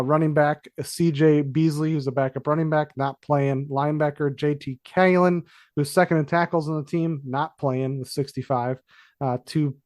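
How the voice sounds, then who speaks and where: A man's voice: fairly high pitch, darkish tone, dry recording, studio quality. A man co-hosting a sports podcast, talking through picks in a rambling, casual way with fillers and self-corrections. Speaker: podcast co-host. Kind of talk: casual sports betting chat.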